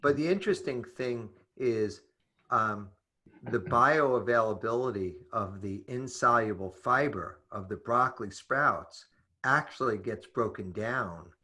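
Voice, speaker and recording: A man's voice: mid-range voice, a little slow, sharp tone. A man hosting an interview, asking long, curious, winding questions. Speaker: interviewer host. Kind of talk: conversational interview.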